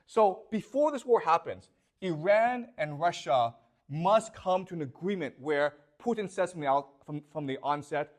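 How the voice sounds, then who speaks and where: A man's voice: on the high side, expressive, normal speed. A man lecturing a classroom, asking students questions and checking often whether they follow.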